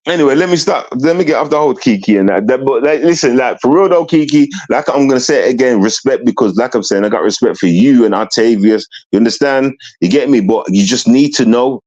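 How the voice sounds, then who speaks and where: A man's voice: mid-range voice, a little fast, hardly any pauses, darkish tone, dull audio. A man ranting bluntly and confrontationally into the camera, repeating himself for emphasis. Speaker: vlogger. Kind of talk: ranting commentary.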